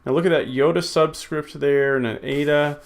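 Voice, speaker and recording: A man's voice: a little high, fairly even intonation, moderate pace, vocal fry. A man teaching a recorded lesson, thinking aloud as he types and correcting himself with many fillers. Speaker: Greek teacher. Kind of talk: recorded lesson, working through exercises.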